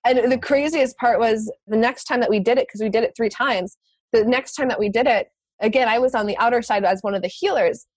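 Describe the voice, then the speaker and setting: A woman telling a personal story in casual conversation, animated, laughing often and swearing casually. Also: a little high, a little fast, no echo.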